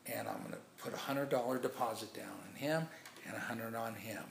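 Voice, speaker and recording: A man's voice: mid-range voice, a little fast, creaky, slight background noise, natural voice. A man voicing a rich, righteous king disguised as a peasant in a story, plain and kindly. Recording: echoey room.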